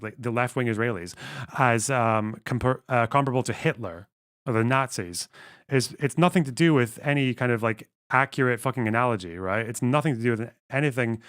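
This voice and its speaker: A man's voice: medium pitch, a bit bright, dry recording. A man streams live, reading passages aloud and then breaking off into blunt, profane asides. His voice sits in an ordinary middle range. The sound is dry and close, with no room behind it. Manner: profane, sarcastic, reads text aloud and comments. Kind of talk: casual live-stream commentary.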